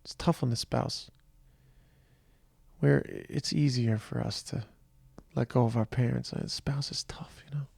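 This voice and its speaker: A man speaks into a close podcast mic in a tired, reflective monologue, often pausing and restarting. His voice is gravelly with plenty of fry. The sound is dry, with no room around it. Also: medium pitch, steady tone, darkish tone, no echo. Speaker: podcast host. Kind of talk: personal monologue.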